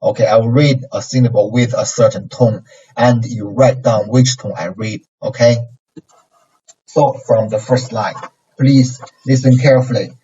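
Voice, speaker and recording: A man's voice: mid-range voice, fairly even intonation, unhurried, mellow, breathy edge. A man with a Chinese accent teaching pronunciation, patiently repeating syllables with exaggerated tones. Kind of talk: pronunciation lesson. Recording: distant, dull lo-fi mic.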